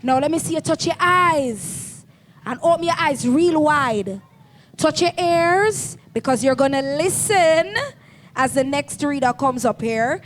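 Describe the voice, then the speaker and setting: High-pitched woman calling out to children. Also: animated, a little slow, a little hiss or hum. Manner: firm, coaxing, call-and-response. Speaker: event host for schoolchildren. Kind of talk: call-and-response crowd management.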